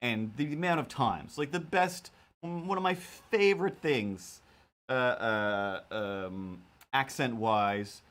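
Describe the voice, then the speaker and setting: A man chatting off the cuff on a live stream, drifting from one tangent to the next. He fills the gaps with ums and likes and keeps slipping into quick playful quotes of himself. His voice sits at an ordinary pitch for a man. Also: fairly bright tone. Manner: rambling, filler-heavy, jumps into playful self-quotes. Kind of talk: casual live-stream chat.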